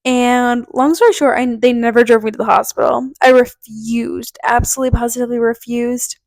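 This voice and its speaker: A woman's voice: on the high side, fairly even intonation, brisk, dry recording, clean studio sound. Chatty young woman telling a story. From Connecticut, USA. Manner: chatty, frequent "like" fillers, laughing through the story. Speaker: podcast host. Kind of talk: casual storytelling.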